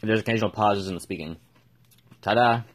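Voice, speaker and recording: A man's voice: on the low side, fairly quick, no room sound. A man giving casual gameplay commentary, thinking aloud and mumbling with fillers as he plays at home. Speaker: gameplay streamer.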